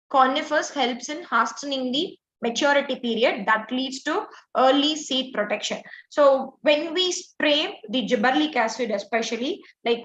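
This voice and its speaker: Explaining exam answers one step at a time, a teacher with a slightly high, fairly bright voice leans heavily on fillers such as "like" and "uh." The audio is lo-fi, dull and echoey.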